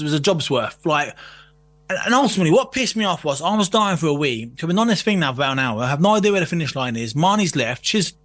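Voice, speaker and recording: A man telling a story in casual chat, animated and laughing, with plenty of swearing. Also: a little high.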